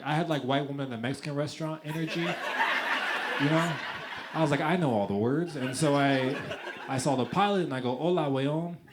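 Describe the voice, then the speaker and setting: A young man working a comedy crowd in a live venue, swinging into animated storytelling and laughing through his own punchlines. The live recording carries clear background noise under his mid-pitched voice. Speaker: stand-up comedian. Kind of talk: stand-up set.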